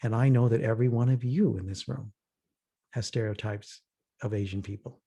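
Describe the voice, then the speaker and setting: A man's voice: medium pitch, fairly even intonation, moderate pace, mellow, breathy edge, muffled recording. A man leading a workshop dialogue, earnestly telling stories and acting out the people he quotes. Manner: earnest storyteller, acts out quoted voices. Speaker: workshop facilitator. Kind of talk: reflective workshop talk.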